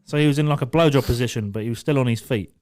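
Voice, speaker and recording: A man's voice: mid-range voice, racing. A young man co-hosting a podcast, telling a story casually with frequent laughs and swearing. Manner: swearing, laughing, acts out shouted quotes. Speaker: podcast co-host.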